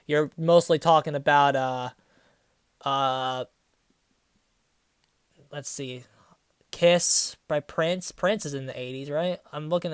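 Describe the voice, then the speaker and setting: A woman's voice: sits low, clear, resonant tone, dry recording, clean studio sound. Profane, sarcastic young woman reviewer. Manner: profane, mocking, exasperated asides. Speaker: graduate student reviewer. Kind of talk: sarcastic dramatic reading and commentary.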